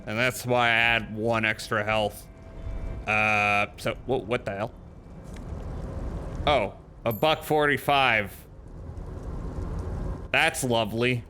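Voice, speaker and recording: A young man streaming a game live, reading its text aloud and reacting with sudden loud outbursts. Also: medium pitch, slow, pauses often, a little hiss or hum. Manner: animated, swings from mumbled reading to loud outbursts.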